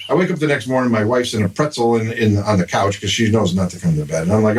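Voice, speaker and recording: A man's voice: lowish voice, lively intonation, quick pace, hardly any pauses. An older man, a grandfather, telling a long exasperated story in casual podcast chat. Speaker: podcast guest. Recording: somewhat distant mic with faint noise.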